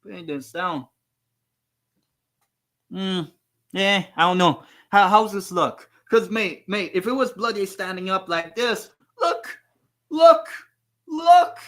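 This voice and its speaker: A man hosts a live football watchalong, talking loosely to his viewers. His fairly high voice rambles between restarts, swearing often and poking fun at himself. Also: measured pace, pauses often, sharp tone. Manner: rambling, profane, self-mocking. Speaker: football live-stream host. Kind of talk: casual live watchalong chat.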